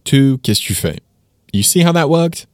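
A man hosting a casual lesson podcast, explaining phrases and saying examples slowly and clearly. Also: medium pitch, no echo, clean studio sound. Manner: lively, explains with slowed-down French examples. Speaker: French teacher, podcast host.

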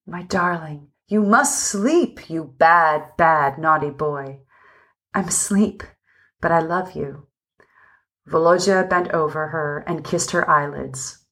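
A woman reading a story aloud in a slow, gentle narrating style, speaking both the narration and the characters' lines without distinct voices. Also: low-pitched. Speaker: audiobook reader. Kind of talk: scripted narration.

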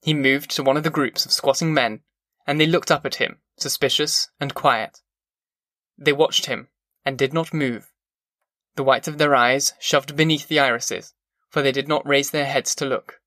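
A man with a mid-range voice narrates an audiobook in an even, measured reading of scripted text. The recording is dry, with clean studio sound.

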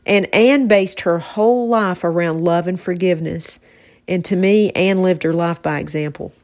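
A woman hosts a faith-based podcast in casual conversation. She talks in a soft-spoken, reflective way, and her voice sits a little low for a woman. The recording is dry and close to the mic. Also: normal speed, dry recording. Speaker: podcast host.

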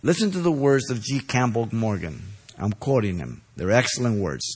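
A man preaching an expository sermon, stressing key phrases loudly and then dropping low, pausing to ask listeners if they are following. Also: very animated, slightly rough. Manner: asks the congregation checking questions.

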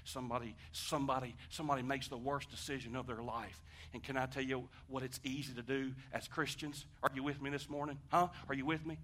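A man preaching a sermon, conversational and animated, asking the congregation questions and swinging from hushed talk to shouting. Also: mid-range voice, brisk, hardly any pauses. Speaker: pastor.

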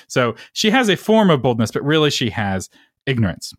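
A man's voice: medium pitch, sing-song, normal speed, no room sound. A man with a mid-range voice that rises and falls a lot teaches in a preacher-like way and keeps checking in with his listener. The sound is close and dry, with no room around it. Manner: explanatory, preacher-like, checks in with "right?". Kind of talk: casual faith conversation.

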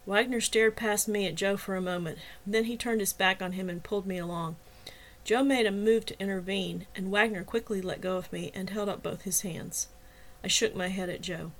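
Brief: female author-narrator, measured and softly expressive, audiobook reading. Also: medium pitch. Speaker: author reading her own novel.

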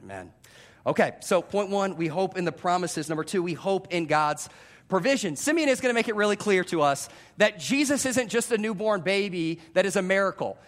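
A man's voice: high voice, fairly quick. A man in his thirties preaching a sermon as pastor, telling stories about himself and speaking straight to his congregation. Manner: animated, self-deprecating storytelling with direct audience address.

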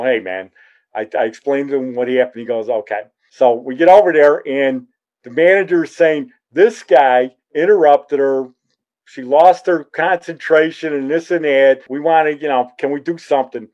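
A middle-aged man telling a casual anecdote, acting out the voices of the people in it. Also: medium pitch. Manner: lively, acts out quoted voices. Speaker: storyteller guest. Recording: dull lo-fi recording.

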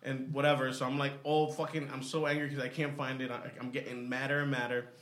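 A man's voice: medium pitch, level tone, quick pace, a bit bright. A man co-hosting a podcast, telling a rambling anecdote with laughs and restarts. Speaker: podcast co-host. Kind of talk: casual anecdote. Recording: roomy echo.

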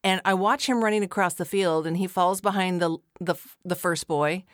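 A woman co-hosting a podcast, telling a personal story in a casual, animated way with some swearing. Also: on the low side, moderate pace, no echo, studio quality. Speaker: podcast co-host.

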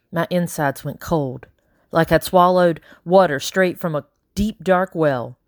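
A woman narrating a first-person audiobook in a steady, quietly dramatic way. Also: fairly low pitch, a little slow, no echo, studio quality. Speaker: audiobook reader.

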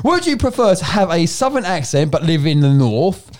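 A man's voice: fairly high pitch, big pitch swings, moderate pace, darkish tone. A man hosting a casual podcast, joking and reading listener questions. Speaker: podcast host.

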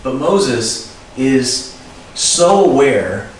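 A middle-aged man preaching a sermon in a relaxed, conversational way, reading scripture and adding chuckling asides. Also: mid-range voice, very slow. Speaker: pastor. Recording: very echoey room, distant mic, faint noise.

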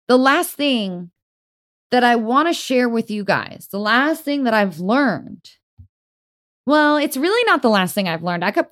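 A young woman hosting a solo podcast, talking straight to her listeners in an upbeat, encouraging way. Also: a little high. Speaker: podcast host. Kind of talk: solo motivational podcast talk.

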